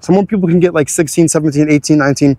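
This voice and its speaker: A man's voice: fairly high pitch, fairly even intonation, racing, dark tone, dry recording. A young man hosting a car channel, giving an easygoing, chatty walkthrough of his car's features.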